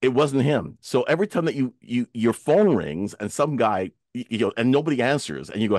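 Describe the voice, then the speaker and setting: A man's voice: medium pitch, lively intonation, normal speed, few pauses, darkish tone, dry recording, studio quality. A man hosting a casual talk show discussion, telling stories animatedly and acting out the voices he quotes, heard over a video call.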